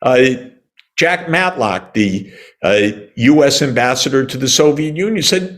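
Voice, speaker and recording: A man in his sixties from the United States, answering interview questions in an emphatic, indignant way with sarcastic asides and many pauses. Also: medium pitch, expressive, fairly bright tone. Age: 60s. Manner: frequent "uh" pauses and restarts. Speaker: economist interviewee.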